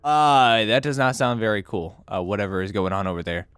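A man's voice: on the low side, expressive, brisk, a bit bright, clear, resonant tone, dry recording. A man hosting a let's play with casual gameplay commentary, swearing and shifting into odd, playful inflections.

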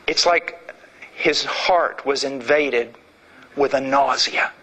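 A man's voice: medium pitch, slow pace, pushed and bright, breathy edge, muffled recording. A man preaching a sermon in an impassioned, emphatic way.

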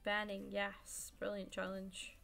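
A woman in her twenties streams a football game from home, joking and swearing at her own play. Her laugh breaks in often between quick remarks, and faint game music plays behind her. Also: mid-range voice, completely flat delivery, gravelly, fairly bright tone. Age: 20s. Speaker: gaming streamer. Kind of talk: casual live gameplay commentary.

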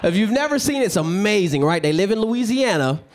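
Guy doing stand-up, super animated, high voice swinging around, club noise. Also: a little fast. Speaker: stand-up comedian. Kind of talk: stand-up comedy. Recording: live club with audience noise.

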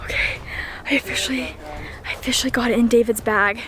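A woman with a bright, high voice hosts an acted adventure vlog out on a wooded trail. She talks to the camera in a chatty, breathless way, full of restarts and suspense. Faint outdoor noise sits under her voice. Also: fairly even intonation, fast. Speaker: family vlogger on an acted adventure hunt.

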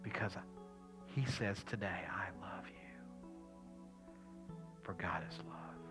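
A man pastor preaching and praying, swinging between loud appeals and soft whispered prayer. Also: low-pitched, slow pace, music in the background. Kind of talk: sermon and prayer.

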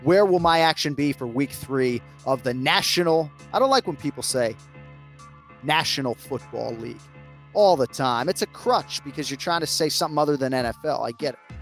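An American man hosting a casual sports betting chat, chatty and self-mocking with quick asides. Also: fairly high pitch, lively intonation, faint music behind. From United States. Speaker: host.

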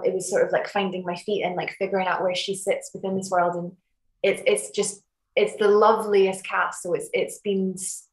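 A woman's voice: on the low side, gravelly. A young woman actress chatting casually in an interview, rambling with restarts and fillers over a video call. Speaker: actress interviewed about her series. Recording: echoey room.

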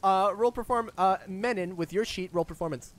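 High-voiced man running a tabletop game. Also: fairly quick. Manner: casual, laughs easily. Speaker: game master.

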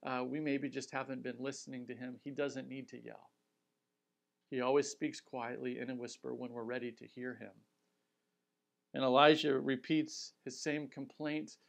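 A male pastor preaching a sermon, talking straight to his listeners and dropping quiet for emphasis. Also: mid-range voice, little pitch movement, normal speed, gravelly. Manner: earnest, direct address with dramatic quiet drops.

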